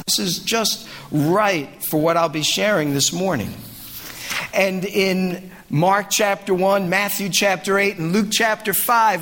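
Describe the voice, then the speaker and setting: A man's voice: sits high, fairly bright tone, big-room sound. A man preaching a sermon as pastor, with a dramatic delivery that swells and drops.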